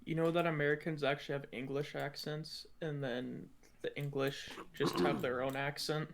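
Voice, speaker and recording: A man's voice: on the high side, steady tone, moderate pace, vocal fry, a little hiss or hum. A man co-hosting a podcast, chatting casually in a rambling way and laughing often. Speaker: podcast co-host. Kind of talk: casual chat.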